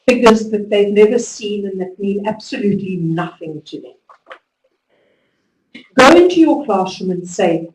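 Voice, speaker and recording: A woman giving a conference talk to teachers, telling stories with lively emphasis and driving home instructions. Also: medium pitch, slight background noise. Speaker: conference speaker. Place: conference hall. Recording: echoey hall, distant mic.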